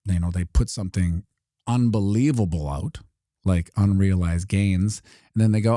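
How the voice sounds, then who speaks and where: A man with a low, mellow voice delivers a sarcastic casual commentary monologue. He slips into quick mock dialogues, jumping up in pitch to play both sides. The sound is dry and close, with little room. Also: dry recording. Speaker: host.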